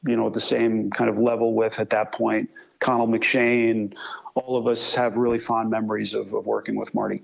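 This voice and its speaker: Gravelly-voiced man telling stories. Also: mid-range voice, muffled recording. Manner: animated storyteller who imitates his old mentor. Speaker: sportscaster guest. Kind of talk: conversational interview storytelling.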